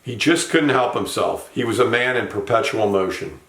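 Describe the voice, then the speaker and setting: A man narrating a tribute, telling steady, fond stories about an old friend. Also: mid-range voice, moderate pace, echoey room.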